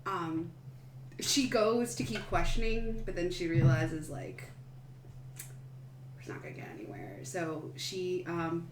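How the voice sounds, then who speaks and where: A woman playing a tabletop game, animated and chatty with lots of fillers. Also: on the low side, slow pace, long pauses, reverberant, distant mic, a little hiss or hum, low-quality recording. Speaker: player. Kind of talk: casual tabletop play.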